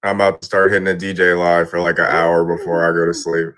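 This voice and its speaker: Laid-back deep-voiced man. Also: completely flat delivery, fast talker, a bit bright. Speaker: fellow livestreamer, DJ. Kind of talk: casual chat.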